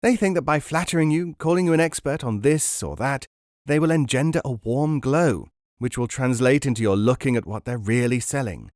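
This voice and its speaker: A man's voice: mid-range voice, normal speed, a little mellow, dry recording, close to an everyday voice. A shrewd old hand of the market, voiced by a male reader, talks breezily and knowingly, sounding a touch livelier than the narration. The read is dry and close. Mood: explaining. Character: worldly, shrewd male market dealer, amused mentor.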